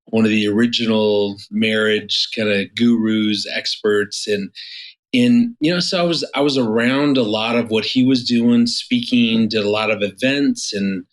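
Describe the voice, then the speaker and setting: A man's voice: on the low side, steady tone, unhurried, rough recording. A man in his fifties, a marriage therapist guest, telling stories in a casual interview with many restarts and fillers.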